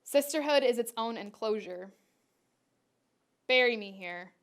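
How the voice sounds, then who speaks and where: A woman's voice: a little high, expressive, measured pace. A woman performance artist delivering spoken-word poetry in a rhythmic, incantatory way, repeating her refrains.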